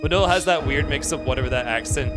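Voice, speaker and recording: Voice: mid-range voice, fast talker. A streamer giving casual, rambling commentary over a game, with many restarts and filler words. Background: game music.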